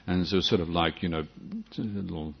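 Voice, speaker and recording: Husky-voiced New monk giving a talk. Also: male voice, deep voice, fairly even intonation, quick pace. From New Zealand. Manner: reflective, rambling with restarts and gentle humor. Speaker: Buddhist monk teacher. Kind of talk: dharma talk. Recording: dull lo-fi recording.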